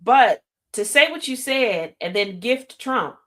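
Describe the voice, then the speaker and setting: A woman's voice: a little high, lively intonation, slow, a bit bright. Woman radio host, opinionated monologue, emphatic, repeats herself for emphasis, slangy asides. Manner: emphatic, addresses listeners directly with rhetorical questions; repeats key lines for emphasis.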